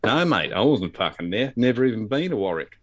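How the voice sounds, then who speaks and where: A man's voice: fairly low pitch, big pitch swings, brisk, dull audio. A man putting on a blunt, swearing older male entertainer. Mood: defiant.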